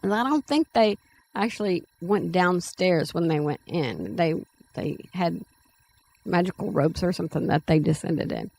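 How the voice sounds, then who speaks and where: A middle-aged woman hosting a writing channel, reading her own story draft aloud in a plain, unhurried way with small self-corrections, then talking to her viewers. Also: fairly low pitch, animated, vocal fry, a little mellow, slightly rough, rough recording.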